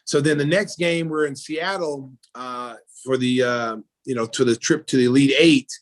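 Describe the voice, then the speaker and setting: A middle-aged American man, a former basketball player turned announcer, telling stories in a casual interview and acting out the people in them. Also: moderate pace. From United States. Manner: animated storyteller, acts out quoted people with jumps in pitch and loudness.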